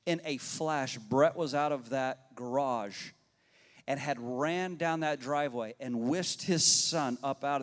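Man preaching in a reverberant church hall. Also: on the high side. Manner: conversational, folksy, addresses the congregation directly. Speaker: pastor. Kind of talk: sermon with storytelling. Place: church sanctuary.

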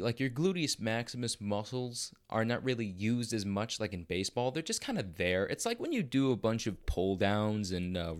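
A brash young man rants into a podcast mic, crude and full of swearing. He brags loudly and breaks into quick, excited bursts. His voice sits at an ordinary male pitch. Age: young adult. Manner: crude, boastful, profane rants; bursts of fast, excited talk. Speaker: podcast host. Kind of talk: casual monologue.

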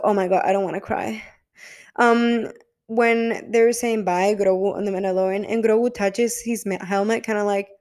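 A young woman vlogging casually about a TV episode, gushing and emotional, swearing freely and acting out quotes. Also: fairly high pitch. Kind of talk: casual chat.

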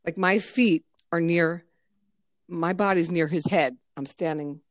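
A middle-aged woman from the United States, chatting casually and spinning stories, laughing often and swearing without a second thought. Her voice sits a little low and sounds close and dry, with no room around it. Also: unhurried, no room sound. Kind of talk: casual chat, telling anecdotes.

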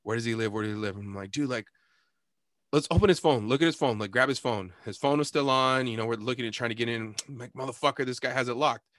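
A man in casual chat, telling a bar story in an animated, profane way, laughing and acting out what people said. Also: medium pitch, fast talker, no room sound, clean studio sound. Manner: animated, profane, laughs often, acts out quotes.

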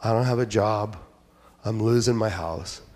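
A man's voice: on the low side, a little slow, darkish tone, pitched below the performer's own voice, natural voice. A man voicing a distraught middle-aged woman pouring out her troubles, quoted in a sermon. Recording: long church hall reverb.

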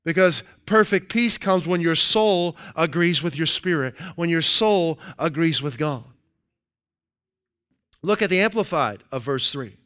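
High-voiced, clear preacher man. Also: expressive, fairly bright tone. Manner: emphatic, repeats key phrases, reads scripture slowly; playful asides, chuckles at his own jokes. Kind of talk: sermon.

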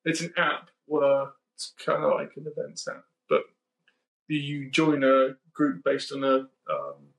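A man's voice: medium pitch, takes it slowly, vocal fry, a bit bright, reverberant. A man hosting a podcast, chatting casually and rambling with frequent ums and self-corrections. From United Kingdom. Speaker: podcast host. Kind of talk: casual conversational podcast chat.

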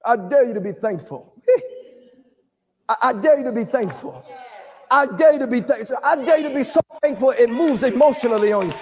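A man preaching a charismatic sermon, shouting in a sing-song cadence, calling for responses and breaking into tongues. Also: very high-pitched, lively intonation, normal speed, husky. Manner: calls for congregation responses.

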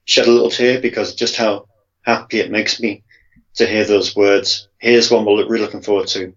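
A man's voice: on the low side, flat delivery, moderate pace. A man co-hosting a casual film review podcast, with a dry, wry sense of humor. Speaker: podcast co-host. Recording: dull, lo-fi mic.

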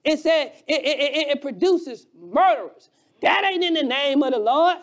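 A preacher delivering an emphatic sermon, shouting key lines and repeating phrases for effect, with quieter, quicker asides in between. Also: sits high, lively intonation. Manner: drops to a quiet, fast aside at times.

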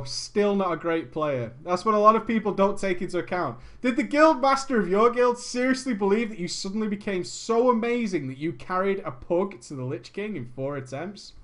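A person reading a gaming story aloud and mocking it, with sarcastic commentary, frequent laughter and swearing. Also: mid-range voice.

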